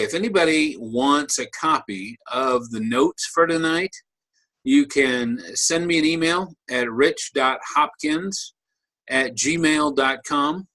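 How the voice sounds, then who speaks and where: A man's voice: mid-range voice, fairly bright tone. A man giving a conversational online teaching talk as a workshop presenter, joking and restarting phrases as he goes.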